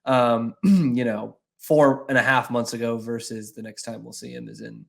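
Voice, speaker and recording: An easygoing man co-hosts a casual sports podcast, agreeing readily and putting questions to his partner. His voice sits at an average pitch for a man. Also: fairly even intonation, normal speed, vocal fry. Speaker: podcast co-host.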